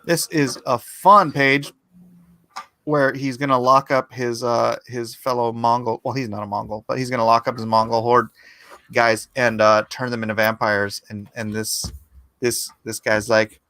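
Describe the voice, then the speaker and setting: A man's voice: medium pitch, fairly even intonation, moderate pace, bright, forceful tone, dry recording. A middle-aged man hosting a casual live art auction, joking and teasing as he chats. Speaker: auction host and comic artist. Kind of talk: casual livestream chat.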